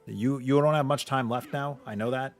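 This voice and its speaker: A man's voice: mid-range voice, fairly even intonation, moderate pace. A man streaming a video game, chatting casually with his viewers and sharing blunt opinions. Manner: chatty and opinionated, reacting to chat. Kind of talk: casual live-stream chat.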